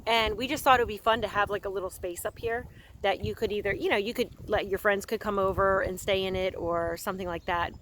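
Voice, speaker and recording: A woman's voice: medium pitch, a bit bright, slight background noise. A woman chatting casually for her vlog outdoors on a farm pasture, cooing at her animals as she goes. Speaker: horse owner and vlogger.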